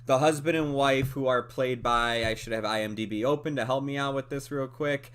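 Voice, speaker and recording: A man co-hosting a movie podcast, talking through a film review in a casual, animated way with lots of fillers and laughs. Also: mid-range voice, fairly quick, clear, resonant tone. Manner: animated, chatty, many fillers, laughs often.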